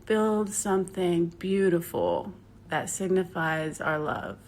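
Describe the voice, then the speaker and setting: A woman's voice: lowish voice, big pitch swings, slow pace, darkish tone, a little hiss or hum. A woman voicing a dying empress who talks in casual modern slang and teases her husband. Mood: tender.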